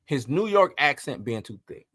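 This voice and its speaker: A man hosting an entertainment news commentary, talking in an animated, emphatic way and piling up rhetorical questions. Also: medium pitch, normal speed, husky, no room sound, clean studio sound. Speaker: host.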